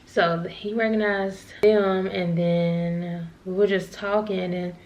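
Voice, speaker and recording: A woman's voice: medium pitch, fairly even intonation, takes it slowly, a little mellow. A young woman vlogger telling a casual storytime, rambling and repeating herself, laughing at herself now and then.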